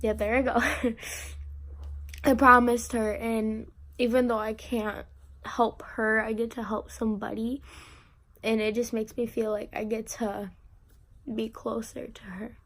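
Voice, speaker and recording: A teenage girl telling an emotional personal story to camera, halting and on the verge of tears, with many fillers and restarts. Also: fairly high pitch, little pitch movement, fairly bright tone. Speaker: vlogger.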